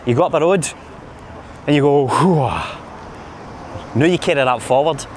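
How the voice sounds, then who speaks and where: A man's voice: on the high side, moderate pace, noisy background. A man with a Glaswegian Scottish accent, rambling playfully and mocking himself as he films a walking vlog outdoors on a busy city street. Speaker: vlogger. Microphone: camera mic while walking.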